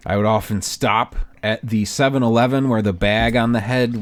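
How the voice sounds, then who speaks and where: A man, co-hosting a podcast and telling stories in a casual chat, acting out the people he quotes in loud voices and laughing often. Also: mid-range voice, fairly even intonation, moderate pace. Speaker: podcast co-host.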